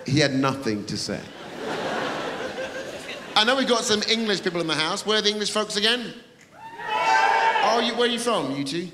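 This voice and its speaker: Animated male comedian working a crowd. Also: high-pitched, moderate pace, pauses often, very noisy. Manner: animated, teasing, bursts into shouts. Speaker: stand-up comedian. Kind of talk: live stand-up comedy with crowd work. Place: large live comedy venue with audience. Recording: live theatre recording, long reverb, loud crowd.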